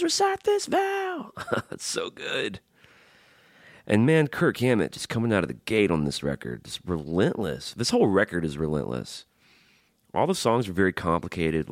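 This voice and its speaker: A man's voice: low voice, dry recording, studio quality. A man hosting a podcast, giving enthusiastic, chatty commentary on songs with self-deprecating asides. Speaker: podcast host. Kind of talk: casual radio-style music commentary.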